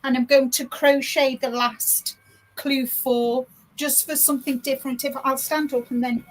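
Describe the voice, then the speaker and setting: A woman's voice: high voice, level tone, moderate pace, a little hiss or hum, poor audio. A woman hosting a casual craft livestream, explaining her work step by step with frequent restarts. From South Africa. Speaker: livestream host.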